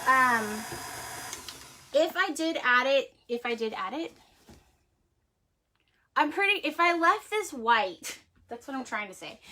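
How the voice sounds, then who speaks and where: A woman's voice: high-pitched, background noise. A woman hosting a casual cosmetics-making livestream, chatty and rambling, full of "like", laughing easily. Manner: chatty and rambling, heavy use of "like". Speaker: host of a handmade cosmetics show.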